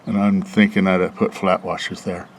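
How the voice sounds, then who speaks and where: Low-voiced rambling man outdoors by a truck. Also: level tone, moderate pace, a little hiss or hum. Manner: rambling, chuckling, talks to himself while working. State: out of breath from bending over. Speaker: vlogger reviewing a truck job. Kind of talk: casual rambling vlog.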